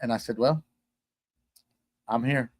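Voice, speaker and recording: A man's voice: medium pitch, slow, no room sound. A man from Texas, a guest telling a personal story in casual conversation, acting out the voices he quotes.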